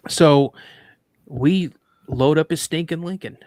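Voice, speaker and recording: This man, a podcast guest, tells a casual, lively story, acting out what people said and often beginning his sentences again. He speaks slowly with a fairly high pitch, and there's no echo.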